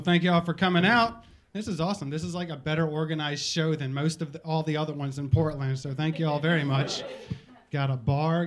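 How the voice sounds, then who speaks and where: High-voiced man doing stand-up in a bar. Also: a little hiss or hum. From Virginia. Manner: self-mocking, loose and conversational. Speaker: stand-up comedian. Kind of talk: stand-up set. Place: bar comedy night.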